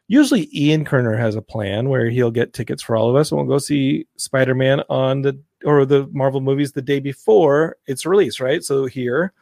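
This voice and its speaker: A man hosting a casual podcast chat, telling stories with energy and acting out what people said in a higher voice. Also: gravelly, no room sound, clean studio sound. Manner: animated storytelling, acts out quotes in a higher voice. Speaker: podcast host. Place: Los Angeles.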